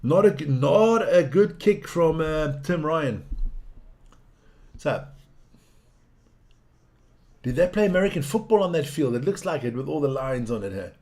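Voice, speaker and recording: A man giving casual live rugby commentary, excitable and blunt, swearing at the referees. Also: on the high side, unhurried, pauses often. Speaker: watch-along rugby commentator.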